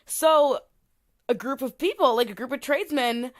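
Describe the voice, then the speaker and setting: A woman, co-hosting a podcast in casual chat, animated and full of fillers, reading quotes from her notes. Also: high voice, normal speed. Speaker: podcast co-host.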